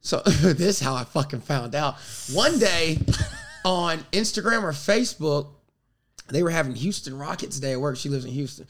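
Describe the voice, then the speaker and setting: A man in his thirties telling a story in casual podcast chat, profane and animated, acting out the dialogue he quotes. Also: fairly high pitch, normal speed. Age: 30s. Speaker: podcast co-host.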